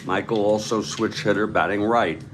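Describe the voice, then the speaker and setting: A man hosting a tabletop baseball replay, giving calm, measured play-by-play with chatty asides to viewers. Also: on the low side, noisy background. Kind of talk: play-by-play commentary of a board game replay.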